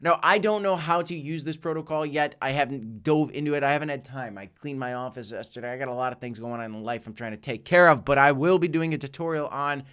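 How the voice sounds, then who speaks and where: A man's voice: mid-range voice, quick pace, hardly any pauses, a bit bright, smooth. A man hosting a live crypto show from his home office, upbeat and joking as he chats with viewers. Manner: upbeat, joking, chatty asides. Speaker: crypto livestream host. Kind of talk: live market commentary reading viewer chat.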